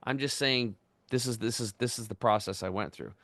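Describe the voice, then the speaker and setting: A man in his fifties, a podcast guest, telling his story in an energetic, animated way. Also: medium pitch, a little fast, dry recording. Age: 50s. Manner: energetic, animated, acts out quoted voices. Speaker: podcast guest, health entrepreneur. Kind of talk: casual storytelling interview.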